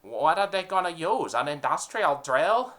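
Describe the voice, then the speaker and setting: A man's voice: a little high, big pitch swings, unhurried, fairly bright tone, voice pushed up. A man voicing a nervous, dim-witted 1930s mafia henchman who hesitates and apologizes.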